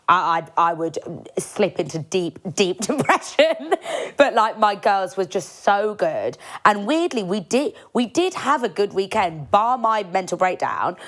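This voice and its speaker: A young woman hosting a solo podcast, telling a story in a chatty, animated way, acting out quotes and laughing often. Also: fairly low pitch. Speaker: podcast host.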